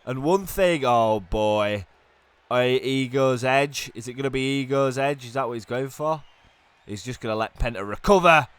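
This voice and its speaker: A man doing excited play-by-play commentary on a wrestling video game while ill, dropping to low mutters and then bursting into shouts. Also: moderate pace, clean tone, dry recording. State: ill, coughing.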